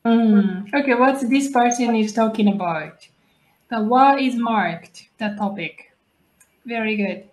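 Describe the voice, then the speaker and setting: A woman's voice: on the high side, slow pace, darkish tone, reverberant. A Japanese woman speaking English with a Japanese accent, hosting a casual study chat and prompting her guest with encouragement. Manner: prompting, encouraging, laughs often. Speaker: host and English learner.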